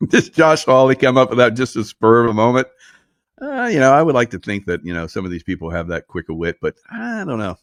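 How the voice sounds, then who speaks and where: A man's voice: medium pitch, big pitch swings, brisk, dry recording, clean studio sound. A man hosting a casual political commentary show, sarcastic and laughing through mocking asides.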